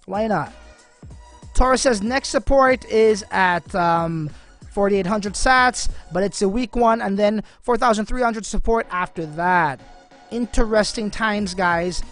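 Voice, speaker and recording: A man's voice: sits high, takes it slowly, fairly bright tone, soft background music. A man hosting a casual live stream on crypto, chatting with viewers and reading their comments in a slangy style full of fillers. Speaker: crypto livestream host.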